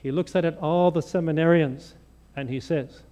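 A male preacher giving a sermon, telling stories in an animated way and acting out the dialogue. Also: on the high side, moderate pace. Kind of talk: sermon storytelling.

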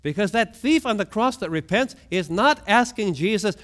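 A man preaching a sermon, moving between hushed low lines and sudden raised outbursts, often asking his listeners questions. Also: lively intonation, normal speed. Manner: asks the congregation questions. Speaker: pastor.

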